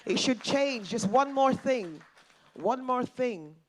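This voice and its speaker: A middle-aged woman in the audience giving a forceful, emphatic public comment, repeating her points. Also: a little high, expressive, slow, a little hiss or hum. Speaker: audience member.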